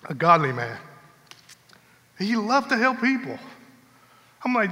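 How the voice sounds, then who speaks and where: Male pastor, bright voice, conversational storytelling sermon, long hall reverb. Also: high voice, unhurried, pauses often. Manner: conversational, animated storytelling with laughs.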